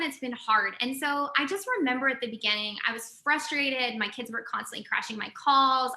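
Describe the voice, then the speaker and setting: A woman from West Texas in her forties, talking in a chatty, animated way as a guest on a video call interview. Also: sits high, reverberant. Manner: chatty, animated, laughs easily. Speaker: guest, communications executive.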